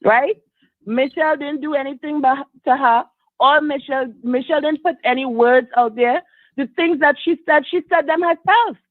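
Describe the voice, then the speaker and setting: A woman's voice: sits high, moderate pace, no room sound. A woman from Trinidad calling into a live talk show, speaking emphatically about her views. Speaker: caller. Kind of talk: call-in show opinion. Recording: tinny phone line, dry.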